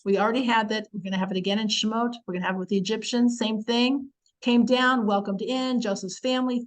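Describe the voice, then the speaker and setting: A woman teaching the weekly Torah portion in a chatty, animated way, acting out quotes and using many fillers. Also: fairly high pitch, normal speed, low-quality recording.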